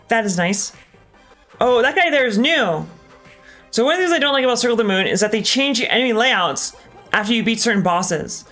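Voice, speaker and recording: A man's voice: sits high, pushed and bright. Candid, swearing male game streamer. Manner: casual, candid, swears often, hesitant with many ums. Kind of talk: live gameplay commentary.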